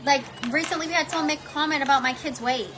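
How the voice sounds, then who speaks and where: A parent vlogger cooks with her child in her home kitchen, talking casually but bluntly and heatedly, swearing freely. Her voice is high and she talks fast, over heavy background noise.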